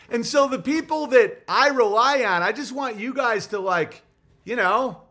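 Male comedian-streamer, high pitched, ranting and cursing, loud then muttering. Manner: profane, ranting, swings from loud bursts to low muttering. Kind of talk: casual livestream monologue.

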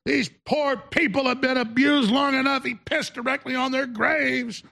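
Gravelly, forceful man ranting as host. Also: very high voice, steady tone, moderate pace. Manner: combative, mocking, shouting bursts; stammering restarts when worked up. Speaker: talk show host. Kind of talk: ranting monologue to viewers.

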